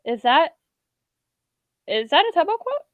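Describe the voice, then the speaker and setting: A woman's voice: very high-pitched, very animated, measured pace, dry recording, phone-quality sound. A woman streamer chatting casually and teasing her friend while they read fan fiction aloud, swearing freely. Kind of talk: casual chat and dramatic reading. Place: home room.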